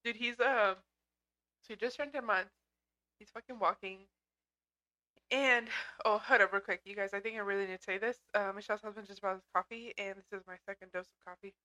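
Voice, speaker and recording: A young woman co-hosting a podcast, chatting loudly with lots of laughing and swearing. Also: medium pitch, fairly even intonation, fairly quick, dull audio. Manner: loud, laughing, profane banter. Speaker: podcast co-host. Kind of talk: casual chat.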